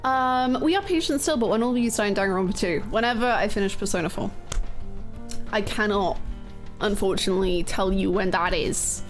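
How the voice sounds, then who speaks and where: A woman's voice: medium pitch, moderate pace, faint music behind. A woman streaming a game, chatting casually and greeting viewers, her voice a bit scratchy, laughing often.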